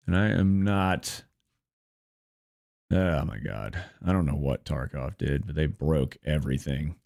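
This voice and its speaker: A man's voice: extremely low pitch, slow pace, creaky, pauses often, darkish tone, dry recording, clean studio sound. A young man hosting a gameplay channel, rambling through casual commentary with profane, frustrated grumbling. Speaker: gaming channel host.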